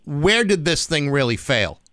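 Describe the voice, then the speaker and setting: A man's voice: on the high side, very animated, unhurried, fairly bright tone, dry recording, studio quality. A man co-hosting a sports radio show, asking emphatic questions and often repeating his words. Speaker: radio co-host. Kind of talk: casual sports radio chat.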